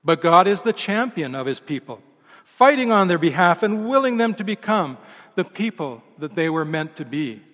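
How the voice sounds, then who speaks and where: A male pastor delivering a sermon in a measured, emphatic way, letting each phrase sink at its close. His voice sits a touch high for a man. It rings out with a long reverb through a large church hall. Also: very animated, a bit bright. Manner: measured, emphatic delivery with falling line endings.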